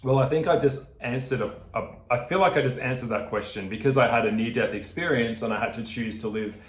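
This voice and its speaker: An Australian man rants straight at his viewers, swearing freely and laughing between points. His voice sits at an ordinary middle pitch. The sound bounces around an echoey room. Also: a little fast. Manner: swearing, ranting, laughing, addresses viewers directly. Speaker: video creator. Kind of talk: casual vlog chat.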